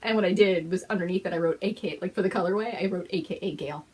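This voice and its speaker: A woman hosting a knitting podcast, showing things on camera in a gushing, excited chat, with frequent gasps and whispered exclamations. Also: fairly low pitch, quick pace, slightly rough. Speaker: host of a knitting and fiber podcast. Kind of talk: excited casual show-and-tell chat.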